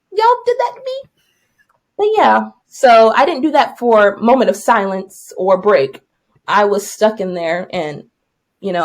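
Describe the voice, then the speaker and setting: Chatting casually as a podcast co-host, this young teacher tells a story, playing out her own yells and what went through her head. Her pitch is medium.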